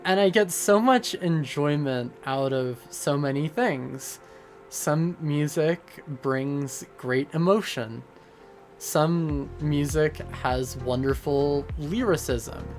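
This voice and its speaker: Slow, goofy streamer rambling to chat. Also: medium pitch, a little mellow, soft background music. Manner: goofy, rambling, with lots of fillers. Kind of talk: casual livestream chat.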